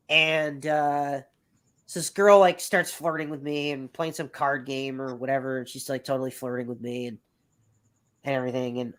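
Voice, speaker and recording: A man in his thirties, a podcast guest, spins a long story in casual chat, rambling, circling back, and swearing freely. His voice is on the high side and a bit bright.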